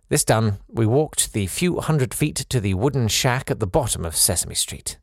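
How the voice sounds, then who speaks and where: A man's voice: mid-range voice, normal speed, creaky, hardly any pauses, no echo, studio quality. A man hosting a podcast, reading out a listener's letter with playful asides of his own. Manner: animated, playful asides between read passages.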